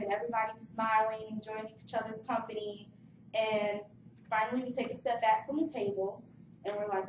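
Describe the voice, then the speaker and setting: A young woman giving a lively personal story speech, acting out the voices of the people in it. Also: a little high, a little hiss or hum. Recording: distant mic in an echoey room, dull sound.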